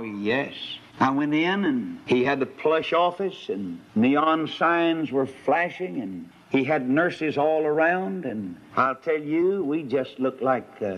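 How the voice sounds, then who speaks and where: A man preaching a sermon, telling a story with acted dialogue and swinging up into high, emphatic peaks. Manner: dramatic storytelling, voicing characters, rising to high emphatic peaks. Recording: dull lo-fi sermon recording.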